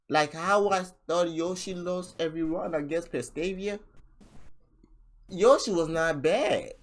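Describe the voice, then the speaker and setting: A man hosting a casual podcast, telling a story with animated energy, switching into a raised voice whenever he quotes someone. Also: fairly high pitch. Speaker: podcast host. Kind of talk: casual chat recapping a battle rap event.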